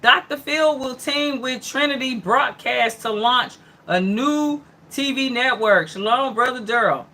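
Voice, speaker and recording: A woman with a bright, forward voice hosts a casual livestream news show. She reads each headline aloud, then breaks off into chatty reactions, murmured mm-hmms and greetings to viewers by name. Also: high voice, a little slow, hardly any pauses. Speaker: host of an online news hour.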